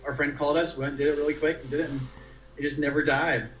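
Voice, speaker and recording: A man's voice: on the high side, flat delivery, fast, a bit bright, slight background noise. A man being interviewed, telling stories in a chatty, rambling way with many restarts. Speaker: interview guest, commercial actor. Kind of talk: casual interview storytelling. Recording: echoey room with faint music.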